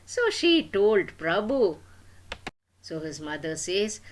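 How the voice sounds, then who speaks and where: An older woman reading a children's tale aloud, slow and unhurried, with a very lively, sing-song voice. She plays with her listeners, asking what happens next and adding little sound effects. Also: mid-range voice. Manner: playful, asks the listener questions, sound effects. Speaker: storyteller. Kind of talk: storytelling to children.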